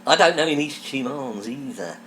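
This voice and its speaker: A man's voice: medium pitch, animated, normal speed, a bit bright, a little hiss or hum, close to an everyday voice. A man voicing a confused, plummy Englishman who has lost his memory, in a comedy sketch.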